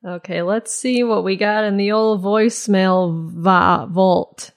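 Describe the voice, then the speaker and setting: Chill woman cohost, says like a lot, mid pitched easy voice. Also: steady tone, slow pace. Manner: laid-back, lots of likes and yeahs. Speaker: podcast co-host. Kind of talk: casual podcast chat.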